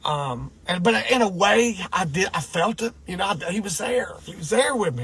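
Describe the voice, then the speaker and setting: A man's voice: high voice, animated, moderate pace, creaky, few pauses, fairly bright tone, a little hiss or hum. A middle-aged man from Georgia, telling a hunting story in a rambling, choked-up way. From Georgia, USA. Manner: rambling, restarts and repeats himself, choked up. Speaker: deer hunter. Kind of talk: emotional storytelling vlog.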